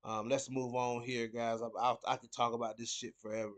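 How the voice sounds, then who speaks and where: A man's voice: mid-range voice, flat delivery, fairly quick. Rambling man previewing fights. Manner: rambling, repeats words, heavy fillers. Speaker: host of a fight picks show. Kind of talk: casual fight preview talk.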